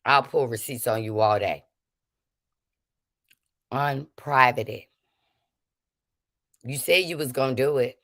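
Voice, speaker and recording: A woman's voice: rumbling low, a little fast, hardly any pauses, no echo, studio quality. Confrontational woman ranting on a livestream. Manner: confrontational, calling people out; preachy, invoking prayer and forgiveness. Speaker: livestream host. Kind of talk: ranting livestream talk to chat.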